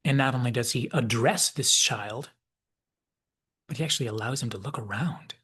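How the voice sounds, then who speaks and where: Husky-voiced man musing over a story. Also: medium pitch, normal speed. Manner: reflective, musing, drops into soft whispers at times. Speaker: video essayist. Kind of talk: thoughtful spoken analysis.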